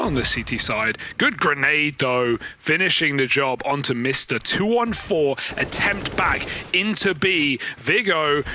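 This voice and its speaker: A man calling an esports match play by play, rattling off the action in a quick, running description with the odd playful aside. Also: on the high side, sharp tone, slight background noise. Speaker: esports caster. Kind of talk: play-by-play commentary.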